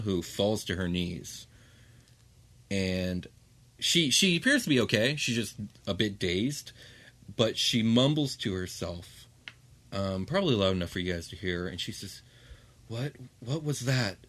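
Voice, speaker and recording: A man's voice: on the low side, fairly bright tone. A man narrating as game master of a tabletop game, casual and rambling with fillers.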